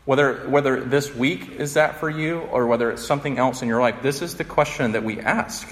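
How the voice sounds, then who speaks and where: A man's voice: medium pitch, fairly quick, in a large hall. A man preaching a conversational, earnest sermon as a pastor. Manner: earnest, conversational, voice rising when acting out quotes.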